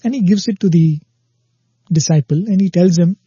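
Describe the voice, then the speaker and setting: Husky dark-voiced man telling a parable. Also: high voice, no echo. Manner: unhurried, tells a parable acting out quoted lines. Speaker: spiritual speaker. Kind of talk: spiritual discourse with storytelling. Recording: dull lo-fi dry recording.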